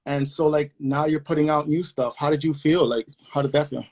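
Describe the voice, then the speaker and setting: Male host, a bit high-pitched, playful and rambling. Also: a little fast. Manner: playful, excitable, rambling questions. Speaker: podcast host. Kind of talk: casual interview chat.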